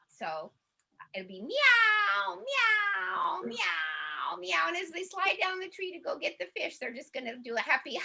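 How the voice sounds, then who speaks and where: A woman guiding a laughter yoga class in a high, bright voice with a slight gravelly fry. She talks in a bubbly, cheerful way, chanting along and breaking into laughter. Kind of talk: guided group exercise class.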